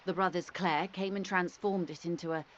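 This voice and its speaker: An actress playing a calm, curious, talkative company negotiator in a video game, speaking politely and evenly. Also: female voice, lowish voice, moderate pace, highs cut off, slight background noise, lightly acted.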